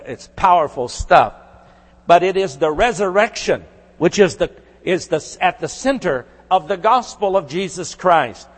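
High-voiced man preaching in a reverberant hall. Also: fairly bright tone. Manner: earnest preaching, rising to emphatic declarations. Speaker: pastor. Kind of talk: sermon.

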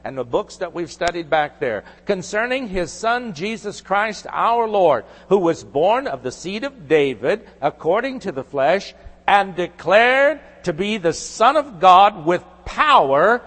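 A man's voice: high-pitched, sing-song, a little slow, a bit bright. A man preaching a sermon, earnest, rising to emphatic declarations. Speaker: pastor. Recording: long hall reverb.

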